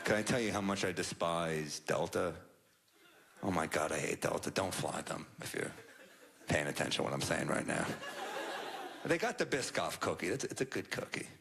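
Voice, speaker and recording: A man's voice: deep voice, expressive, normal speed, gravelly, noisy background. A young man performing a stand-up set on a club stage, telling stories in a dry, self-deprecating way. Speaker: stand-up comedian. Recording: live club set with crowd laughter. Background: audience laughter.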